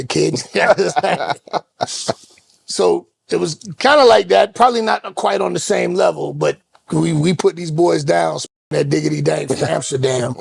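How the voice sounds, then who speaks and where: A man co-hosting a podcast, telling an animated road story in casual chat and acting out the voices in it. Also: fairly high pitch, creaky, breathy edge, no room sound. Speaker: co-host.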